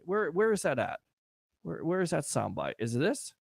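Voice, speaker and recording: A man's voice: a little high, sing-song, moderate pace, vocal fry, slightly rough, dry recording, studio quality. A man hosting a casual sports talk show, riffing sarcastically and chatting with listeners.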